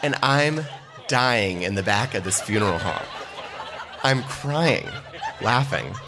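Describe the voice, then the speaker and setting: A man with a somewhat low voice tells a story from his own life. He keeps it lively and animated, and he breaks into laughter again and again as he talks. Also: takes it slowly, a loud crowd, heavy background noise. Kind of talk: telling a personal anecdote.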